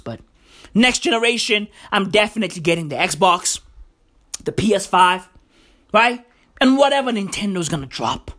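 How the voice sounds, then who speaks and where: A woman's voice: fairly high pitch, fairly bright tone. A woman in a casual monologue, boastful and profane, who keeps repeating the same catchphrases. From South Africa. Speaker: vlogger.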